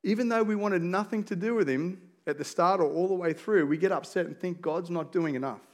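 A pastor, a man in his forties, preaching a sermon in an earnest, storytelling way, dropping softly into prayer. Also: high voice, a little fast.

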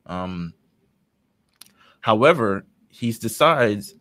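A man co-hosting a casual fan podcast, laid-back and quick to laugh as he retells scenes. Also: lowish voice, animated, a bit bright. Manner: laid-back, laughs often, acts out characters' lines. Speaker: podcast co-host.

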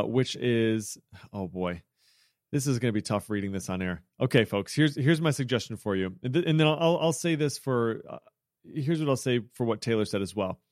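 A man's voice: mid-range voice, no echo, clean studio sound. A man hosting a podcast who explains programming features in a chatty way, correcting himself and joking along the way. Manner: chatty, self-correcting, jokey asides. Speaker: podcast host. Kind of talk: casual technical chat.

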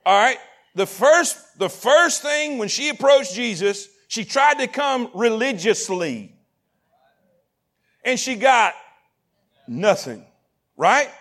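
A man preaching a sermon in a church, animated, repeating lines, shouting at times and asking the congregation questions. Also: very high voice, slow pace, long pauses. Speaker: pastor. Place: church sanctuary.

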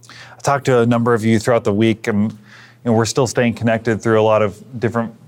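A man's voice: on the low side, level tone, a little fast. A man preaching a sermon as pastor, in an earnest, conversational way, often restarting phrases and dropping to a near whisper at times. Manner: earnest, conversational, with frequent restarts and hushed asides.

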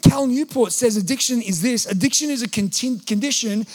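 A man's voice: extremely high pitch, brisk, slightly rough. A man, preaching a sermon as a pastor, earnest, and at times acting out prayers in a pleading voice. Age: 30s.

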